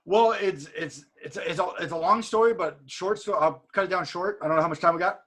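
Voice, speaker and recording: A man, a podcast guest, telling a long story in a casual, profane, excitable way over a video call. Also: high voice, brisk, a loud crowd.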